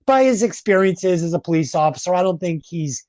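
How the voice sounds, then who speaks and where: A man's voice: high-pitched, animated, brisk, a little mellow, no room sound. A man hosting a podcast, casually recapping a film with many fillers and asides. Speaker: podcast host. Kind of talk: casual movie review chat.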